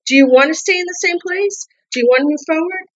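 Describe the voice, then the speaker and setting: A woman's voice: extremely high pitch, fast talker, highs cut off. A woman giving a casual tarot card reading, often repeating herself and asking coaxing questions, with an accent. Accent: non-native English accent. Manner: repetitive, restarts words, coaxing questions.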